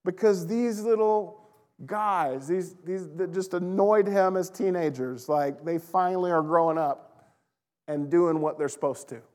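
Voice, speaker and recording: A man preaching a sermon as pastor, in a conversational, animated way, laughing now and then. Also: high-pitched, unhurried, big-room sound.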